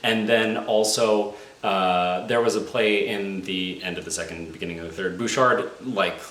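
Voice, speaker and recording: A man reviewing and reacting live to a hockey game, excitable and exasperated, rambling with restarts. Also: sits low, normal speed. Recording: echoey room, faint background noise.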